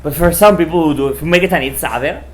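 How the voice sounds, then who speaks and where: A man who is a rabbi, telling a Torah story at a festive meal, animated and acting out the voices, sprinkling Hebrew and Yiddish words into casual English. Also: fairly high pitch, quick pace, a little hiss or hum. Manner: animated, acts out the quoted voices. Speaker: rabbi giving a Torah talk.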